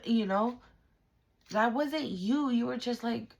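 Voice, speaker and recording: A woman gives a spiritual tarot reading directly to the viewer, emphatic and slangy with frequent swearing. Her creaky voice is a little high and slow, with long pauses.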